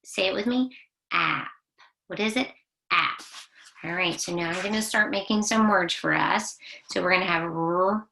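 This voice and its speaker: Slow, gravelly-voiced woman teaching phonics. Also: on the low side. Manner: slow call-and-response drilling, sounding out words; gently encouraging, praising each try. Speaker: children's librarian teaching phonics. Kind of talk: online phonics lesson for young children.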